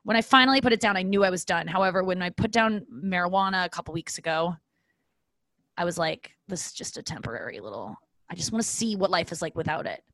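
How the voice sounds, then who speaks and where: A woman's voice: on the low side, animated, fast talker, a bit bright, no room sound. A woman in her forties talks alone into a podcast microphone in a loose, rambling monologue. She is self-deprecating, swears casually and keeps drifting off track before steering back. The sound is close and dry, with no room around it. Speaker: podcast host.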